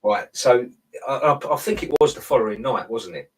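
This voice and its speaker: A man's voice: medium pitch, animated, moderate pace, recorded from a distance, poor audio. A man telling a long dream story in casual chat. He rambles, restarts often and acts out quoted lines. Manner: rambling storyteller, self-interrupting.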